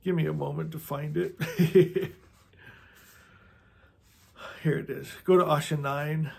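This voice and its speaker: A man leading a guided prayer and spiritual teaching, meditative and slow, often repeating words and trailing off softly. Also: on the high side, fairly even intonation, vocal fry, slightly rough.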